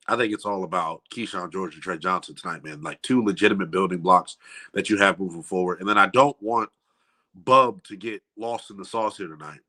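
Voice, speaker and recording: Guy guesting on a hoops podcast, bright punchy voice, slangy and fired up. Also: on the low side. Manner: animated, slangy, emphatic. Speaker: guest analyst. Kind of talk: casual sports podcast chat. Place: studio.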